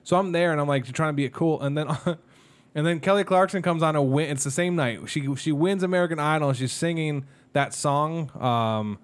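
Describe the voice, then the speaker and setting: A man's voice: on the high side, normal speed, smooth. A man in his thirties co-hosting a casual podcast, telling candid, emotional personal stories with lots of fillers and restarts. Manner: candid, rambling, emotional storytelling with many fillers. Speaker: podcast co-host, mascot performer.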